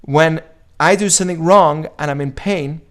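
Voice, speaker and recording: A man's voice: a little high, moderate pace, fairly bright tone. A man giving an informal Jewish teaching to a group, speaking conversationally, asking the room questions and acting out quoted dialogue. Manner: conversational, asks the audience questions. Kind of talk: informal Torah class.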